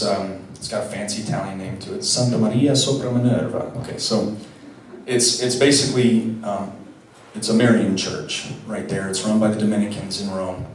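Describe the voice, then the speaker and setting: Recorded from a distance in a large, echoey church with slight background noise, a young preacher with a lowish voice gives a conversational homily. He tells a personal story, dropping casual, wry asides and often restarting his sentences.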